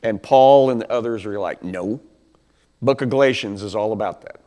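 A man's voice: fairly low pitch, brisk, dark tone. A man preaching a Bible teaching sermon in a conversational way, asking rhetorical questions and acting out quotes. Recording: long hall reverb.

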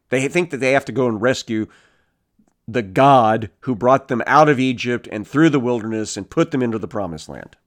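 A man leads a verse-by-verse Bible lesson, reading each passage and then explaining it in an easy, conversational way. His voice sits in an ordinary middle pitch, and he slips into animated voices when he retells what people in the story said. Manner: reads verses, then paraphrases casually with animated character voices. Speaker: Bible teacher. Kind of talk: expository Bible teaching.

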